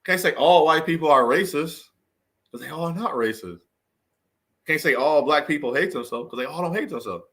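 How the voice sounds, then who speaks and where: A man with a fairly high voice delivers an earnest, preachy monologue straight to the listener. His delivery rambles, with restarts and repeated phrases, and he swings between raised, emphatic questions and quieter, subdued stretches. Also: animated, normal speed. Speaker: vlogger giving a motivational talk. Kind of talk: unscripted heartfelt monologue to camera.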